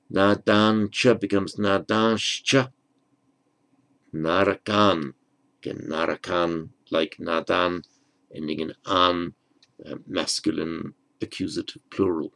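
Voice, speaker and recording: A man teaching a slow, patient grammar lesson, spelling out words and rules. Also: deep voice, vocal fry, fairly bright tone, low-quality recording. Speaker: Sanskrit teacher.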